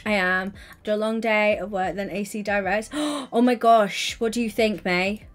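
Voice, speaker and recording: An excitable woman livestreamer chats while she plays a building game. Her talk is gushing and affectionate, and she welcomes viewers by name. Faint music plays behind her. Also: mid-range voice, normal speed. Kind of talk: casual gaming livestream chat.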